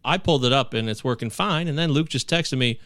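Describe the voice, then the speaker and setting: A man's voice: medium pitch, quick pace, fairly bright tone, no room sound, clean studio sound. A man co-hosting a podcast, tossing in playful jokes and reading out the live chat. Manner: playful, joking asides. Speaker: podcast co-host. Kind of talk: casual chat.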